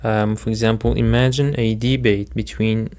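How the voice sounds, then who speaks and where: A man's voice: lowish voice, level tone, normal speed, a little mellow. A man teaching vocabulary as a second-language speaker, repeating each word and walking through its stress, meaning, synonyms and example sentences step by step. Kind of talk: slow, methodical vocabulary lesson.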